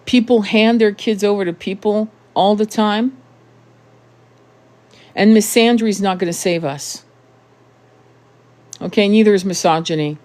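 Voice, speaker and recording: A woman's voice: medium pitch, measured pace, pauses often, darkish tone. A woman in her thirties giving an impassioned monologue to camera, blunt and emphatic, with frequent swearing and rhetorical questions. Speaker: tarot channel host.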